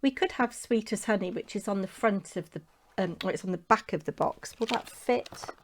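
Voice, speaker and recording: A woman's voice: medium pitch, normal speed. A woman hosting a crafting tutorial, chatting casually and talking to herself as she works. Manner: chatty, talks to herself while working. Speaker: papercraft tutorial host.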